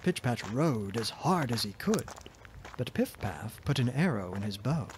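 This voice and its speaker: A man narrating a fairy tale in a soft, gentle, expressive reading voice. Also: mid-range voice, unhurried, background noise. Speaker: storyteller.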